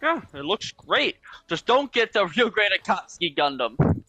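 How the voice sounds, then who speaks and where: Bright high-voiced young man chatting. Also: very animated, normal speed, no room sound, low-quality recording. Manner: chatty, explains at length with fillers. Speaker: gaming channel host. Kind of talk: casual chat while gaming.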